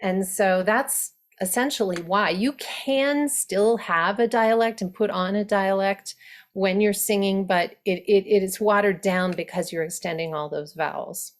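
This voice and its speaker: A woman dialect coach teaching an online workshop over a video call, speaking with animated enthusiasm. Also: medium pitch, measured pace. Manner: animated, enthusiastic, laughs easily.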